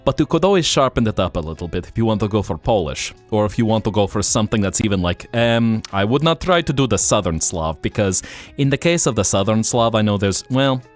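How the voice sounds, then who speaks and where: A man hosting a live stream, chatting casually in an animated, rambling, jokey way. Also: on the low side, a little fast, faint music behind.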